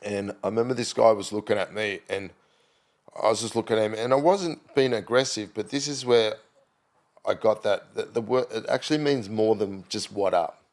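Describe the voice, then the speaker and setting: A man's voice: on the low side, normal speed. A middle-aged Australian man, a podcast guest, telling loose anecdotes in casual chat with lots of fillers and restarts. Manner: rambling anecdotal storytelling with many fillers.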